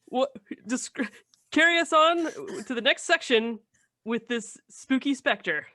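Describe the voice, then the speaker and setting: A woman moderating a storytelling game, laughing between drawn-out remarks. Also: high-pitched, lively intonation, pushed and bright, dry recording, studio quality.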